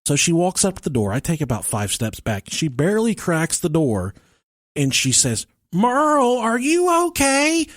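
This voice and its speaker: A man's voice: medium pitch, moderate pace, no room sound, studio quality. A man co-hosting a podcast, telling a long, profane story in casual talk and acting out the people in it. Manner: animated, profane, acts out quotes with shouts and laughter. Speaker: podcast co-host.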